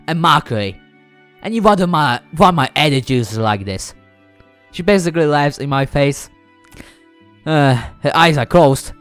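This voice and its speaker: A man narrating as a sullen, sleep-deprived teenage boy, in a low, grumbling voice. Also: no room sound, natural voice.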